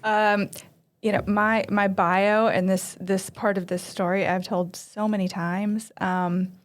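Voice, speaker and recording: A woman from Arkansas, a pastry chef guest, telling her story in relaxed conversation. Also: mid-range voice, slow pace. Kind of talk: casual interview chat.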